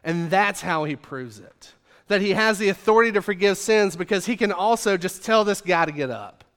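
A male preacher delivers a sermon in a loose, conversational way. His voice sits high for a man, and he fills his talk with jokes and casual fillers. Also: expressive, normal speed, a bit bright, clear, resonant tone. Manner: casual and joking, many fillers like 'like' and 'uh'.

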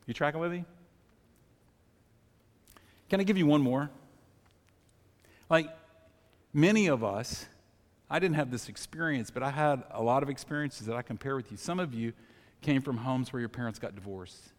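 A male pastor preaches in a church sanctuary at normal speed, leaving long pauses, his medium-pitched voice followed by a long reverb tail. He speaks casually, tells personal stories, and asks the congregation questions.

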